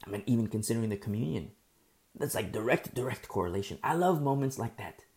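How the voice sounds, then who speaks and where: A middle-aged woman with a bass voice moves at a quick pace through an informal Bible study sermon. She talks conversationally, says key phrases more than once, and stammers in her excitement.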